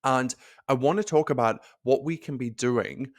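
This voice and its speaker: A man's voice: mid-range voice, moderate pace, dry recording, studio quality. A man in his thirties with an Australian accent tinged with Scottish, hosting a nursing podcast in a chatty, playful way. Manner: chatty, playful, laughs easily. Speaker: podcast host and nurse coach. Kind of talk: casual solo podcast talk.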